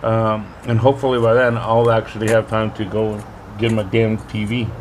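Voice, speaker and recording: A man's voice: lowish voice, level tone, normal speed, a little hiss or hum, low-quality recording. A man in his forties with a parent's life, chatting laid-back on a podcast and swearing casually. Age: 40s. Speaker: podcast co-host. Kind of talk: casual chat.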